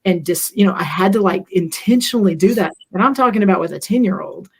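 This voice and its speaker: A middle-aged speaker with a mid-range pitch talks earnestly in a live stream conversation. They ramble a little and lean on fillers. They poke fun at themselves along the way. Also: lively intonation, fast, creaky, slightly rough. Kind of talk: reflective conversational talk.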